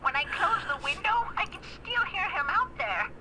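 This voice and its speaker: A woman's voice: very high voice, very animated, normal speed, heavily acted, rough recording. A scared old lady caller. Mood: frightened. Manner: shaky, pleading, hesitant. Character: frightened old woman caller. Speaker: caller to a hotline. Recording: loud noise behind the voice.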